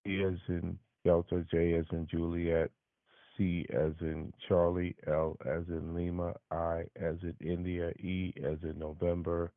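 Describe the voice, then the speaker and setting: A man calling to place an order, giving terse answers and spelling letters out slowly. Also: sits low, level tone, no room sound. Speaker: caller placing an order. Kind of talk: phone call. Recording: tinny phone line.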